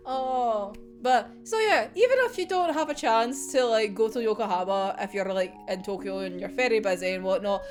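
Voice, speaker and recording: A Scottish woman from Scotland, vlogging in a casual chat, rambling with lots of "like", swearing and frequent laughter. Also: on the high side. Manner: rambling, laughs often, swears, says 'like' a lot. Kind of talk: casual chatty vlog.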